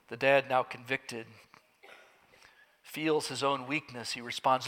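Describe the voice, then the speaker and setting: A man's voice: mid-range voice, fairly even intonation, takes it slowly, pauses often, pushed and bright. A man preaching, telling the story vividly and emphatically, with his voice swelling at the climaxes. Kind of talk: dramatic sermon storytelling. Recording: echoey hall.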